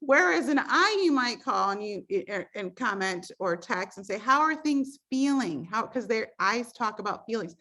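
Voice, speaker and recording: A woman speaking as guest on a live stream, giving sales and personality coaching in an animated way, acting out what customers say. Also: on the high side, moderate pace. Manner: animated, acts out customer voices.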